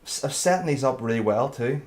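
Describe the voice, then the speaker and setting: A man livestreaming a racing game, giving excitable, self-critical commentary while greeting viewers. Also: medium pitch, fairly quick. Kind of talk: live gameplay commentary. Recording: noisy stream audio with car engines. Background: racing game engine sounds.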